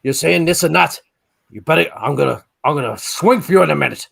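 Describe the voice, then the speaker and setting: A man's voice: a little high, expressive, brisk, vocal fry, a bit bright, slightly rough, heavily acted. A man putting on an angry Welsh pub brawler. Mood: threatening. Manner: menacing, clipped threats.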